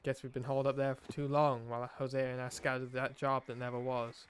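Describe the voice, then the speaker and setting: A rough frontier outlaw reads his journal aloud, as a man puts on a gruff cowboy drawl. The drawl is exaggerated, raised and pushed forward, with a faint noise in the background. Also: high voice, wildly swooping pitch, moderate pace, fairly bright tone, pitched above the performer's own voice, full character voice. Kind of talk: reading aloud in a put-on accent.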